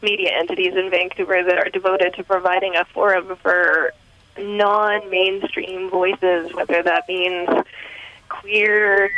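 A woman's voice: on the low side, level tone, a little slow. Tinny-sounding woman caller with a cold. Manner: earnest, hesitant, many ums. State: cold, coughing. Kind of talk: casual phone call to a radio show. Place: Montreal. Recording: tinny phone line.

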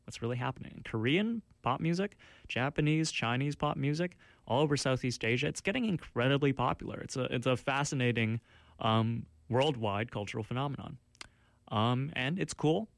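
A man's voice: medium pitch, lively intonation, normal speed, vocal fry, no echo. A man hosting a campus radio show from the studio, rambling through track notes with many fillers and restarts, and poking fun at himself. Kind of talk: casual radio show chat. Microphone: studio mic.

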